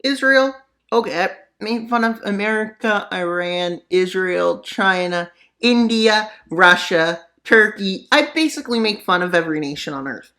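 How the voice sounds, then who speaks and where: A channel host narrating a map scenario in joking commentary, full of sarcastic asides and mock-serious mutters. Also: pushed and bright. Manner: voice jumps up for punchlines, drops low for mutters. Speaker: mapping video narrator. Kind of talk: joking geopolitical commentary over maps.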